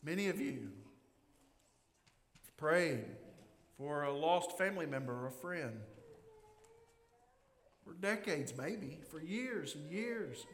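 A man's voice: high voice, expressive, a little slow, fairly bright tone. A man preaching a sermon as pastor, earnest, and rising to impassioned outcries when he voices prayers. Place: church sanctuary. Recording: echoey church hall.

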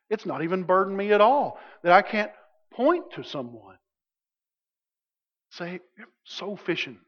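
A high-voiced male pastor delivers a sermon in a loose, conversational way, joking and acting out little quotes. His voice rings with a long reverb through a church sanctuary. The recording sounds dull and muffled. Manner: conversational, jokey preaching with acted quotes.

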